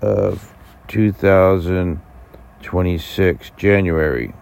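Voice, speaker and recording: A man's voice: low-pitched, vocal fry, a little mellow, clear, resonant tone. An American man ranting to camera in a rambling, profane way, full of fillers and restarts. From United States. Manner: halting with many fillers and restarts. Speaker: vlogger. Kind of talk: casual rant to camera.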